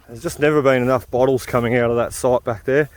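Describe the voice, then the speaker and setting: A man's voice: medium pitch, steady tone, fast, a little hiss or hum. A man chatting casually as he walks outdoors on a hill, rambling with lots of fillers as he hunts for relics. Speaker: vlogger relic hunting. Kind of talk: casual walk-and-talk commentary.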